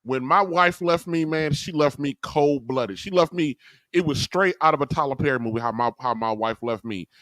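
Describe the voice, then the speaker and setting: Rambling man with a fairly high voice. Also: moderate pace, no echo, clean studio sound. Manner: rambling, animated storytelling with laughs. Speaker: guest. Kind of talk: casual conversation.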